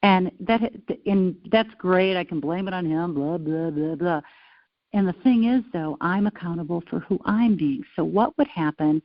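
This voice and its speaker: A woman talking as an interview guest, telling stories with an animated, playful manner, on a dull lo-fi recording. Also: on the low side, normal speed, no echo. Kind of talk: casual interview conversation. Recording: dull lo-fi sound.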